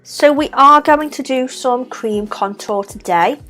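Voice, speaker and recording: A woman's voice: high-pitched, a little slow, a bit bright, soft background music. A young woman with a Liverpool Scouse accent, talking through a makeup tutorial step by step with chatty, self-deprecating asides. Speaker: makeup vlogger. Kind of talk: casual makeup tutorial narration.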